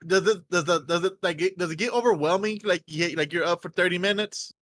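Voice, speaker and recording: A young man co-hosting a casual gaming chat, halting and stammering as he asks questions. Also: high-pitched, fairly bright tone, dry recording. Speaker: podcast co-host.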